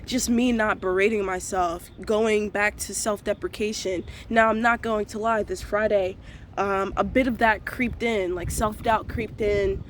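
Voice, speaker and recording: A woman in her twenties vlogging a frank, profane morning rant to her viewers, full of slang and talking things through out loud. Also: mid-range voice, steady tone, a little slow, slight background noise. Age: 20s. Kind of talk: casual morning rant to camera.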